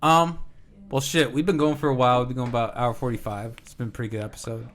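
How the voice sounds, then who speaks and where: A man's voice: medium pitch, fairly even intonation, fast talker, fairly bright tone. A young man hosting a casual podcast chat, laid-back and swearing freely. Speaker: podcast host.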